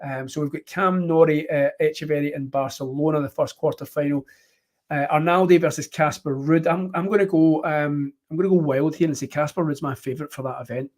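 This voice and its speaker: A man's voice: on the high side, steady tone, fairly quick, a little mellow. A man hosting a casual live-stream chat, rambling with many ums and fillers. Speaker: host.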